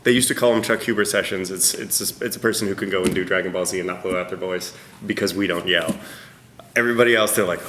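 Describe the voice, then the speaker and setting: A man being interviewed as a voice actor at a press roundtable, talking in an animated, self-deprecating way with frequent laughter. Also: low-pitched, fast talker, slight background noise. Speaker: voice actor guest. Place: convention press room.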